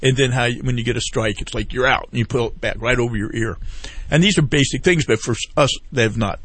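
A man's voice: medium pitch, fast talker, fairly bright tone, dry recording. A man, a veteran, telling long stories as a guest on a talk interview, often retelling other people's words and looping back as he goes. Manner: rambling storyteller who retells others' words. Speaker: veteran guest promoting a fishing group. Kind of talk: casual talk-radio interview.

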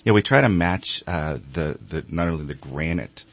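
A man's voice: deep voice, normal speed. A man who runs a granite shop, talking casually as a radio guest with many fillers. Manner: relaxed, rambling with fillers.

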